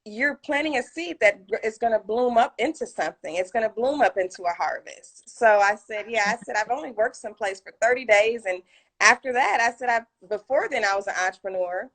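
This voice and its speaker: A woman's voice: on the high side, lively intonation, brisk. Emotional woman telling stories on a live stream. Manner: storytelling, quotes friends, emotional and warm. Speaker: author and live stream host. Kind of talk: casual live stream chat. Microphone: phone on a live video call.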